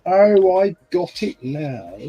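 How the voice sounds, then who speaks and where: A man's voice: sits high, big pitch swings, slow, mellow, muffled recording. A man on a live panel chatting casually, playful and clowning around. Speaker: panel guest. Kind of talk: casual chat.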